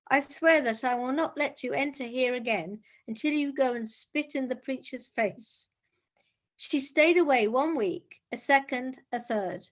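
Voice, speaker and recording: A woman reading a story aloud to a class at a measured, even pace. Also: sits high. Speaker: reader of a text.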